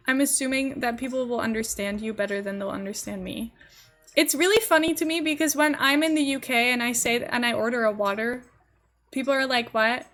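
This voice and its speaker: Brief: young woman streamer, slightly high voice, chatty and giggly, faint music under her. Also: brisk, fairly bright tone. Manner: chatty and giggly, rambling to chat while building. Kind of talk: casual live-stream chat.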